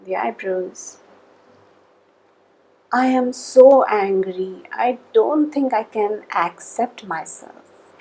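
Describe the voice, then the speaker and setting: Tapping guide, female, unhurried delivery, husky tone, measured calls between statements. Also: mid-range voice, a little mellow, poor audio.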